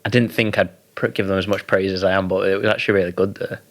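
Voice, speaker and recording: A man's voice: low-pitched, little pitch movement, fast talker. A young man, a guest talking casually and hesitantly about clothes and modelling. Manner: laid-back, hesitant, lots of ums and likes. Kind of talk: casual interview chat.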